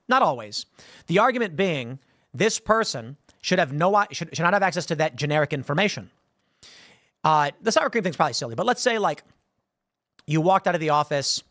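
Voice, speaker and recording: A man's voice: fairly high pitch, expressive, moderate pace, a bit bright, no room sound, studio quality. A man in his thirties hosting a casual commentary show, rambling and repeating words as he thinks. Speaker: host.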